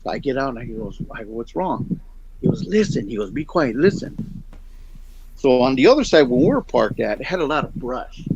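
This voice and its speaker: Gravelly middle-aged man telling a story. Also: mid-range voice, brisk, noisy background. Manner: rambling, animated, acts out the voices in his story. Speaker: guest storyteller. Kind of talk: casual storytelling. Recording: dull lo-fi sound.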